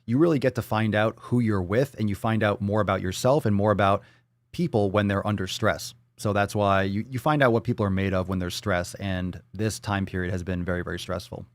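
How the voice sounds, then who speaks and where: A man in Florida hosts a casual live stream, reading viewer comments in a fairly low, steady voice at a brisk pace. He talks in a loose, profane, joking way and sometimes slips into silly voices. The recording is dry.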